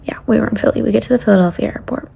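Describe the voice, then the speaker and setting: A young woman recounting a travel mishap in a casual storytime. Her voice is gravelly and husky with a mellow, dark tone. She rambles and often sinks into a breathy near-whisper. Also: on the high side, steady tone, very fast. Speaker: travel vlogger.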